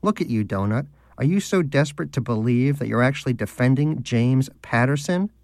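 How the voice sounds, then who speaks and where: Man doing a high, shrill, cranky male hamster, sarcastic, exasperated, storybook audiobook. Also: lively intonation, brisk, a little mellow, no room sound, clean studio sound, close to an everyday voice. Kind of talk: audiobook character voice.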